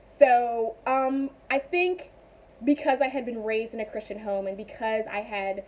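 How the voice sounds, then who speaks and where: A young woman chatting casually in a vlog, animated and rambling with frequent asides. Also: a little high, measured pace, a little hiss or hum. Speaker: vlogger.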